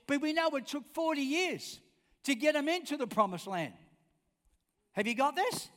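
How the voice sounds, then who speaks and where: A pastor with an extremely high, fairly bright voice preaches a sermon in a large hall with long reverb. He is emphatic and repetitive, repeatedly calling out for the congregation to respond.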